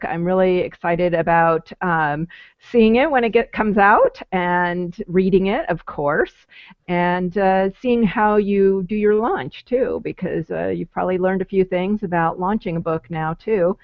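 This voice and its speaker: A woman's voice: fairly low pitch, clear, resonant tone, dry recording. Woman podcast host, dry lo-fi sound. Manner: warm, hesitant questions with many fillers. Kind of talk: interview hosting.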